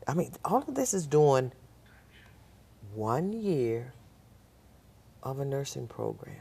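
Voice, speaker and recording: A woman's voice: a bass voice, sing-song, takes it slowly, gravelly, mellow, slightly rough. An older woman, a guest on a talk show, telling a personal story and acting out the voices of the people in it.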